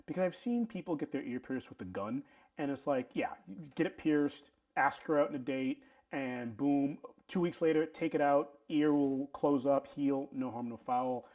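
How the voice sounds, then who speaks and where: A middle-aged man telling a casual story, animated, often stammering and restarting his sentences. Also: medium pitch, normal speed. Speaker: vlog host telling a story.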